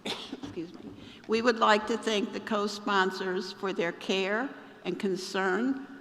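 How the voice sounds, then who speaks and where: An event organizer giving closing remarks in a hoarse voice that is giving out, pausing to cough. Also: medium pitch, fairly even intonation, fairly bright tone. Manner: slow and gravelly, pausing to cough. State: hoarse, losing voice. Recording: reverberant hall.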